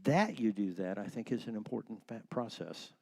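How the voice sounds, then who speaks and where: A man with a lowish, warm and mellow voice talks through ideas in a conversational church class. He builds his points with everyday metaphors and checks that his listeners follow. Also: expressive, moderate pace, creaky. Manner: thoughtful, explains with everyday metaphors. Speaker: church teacher.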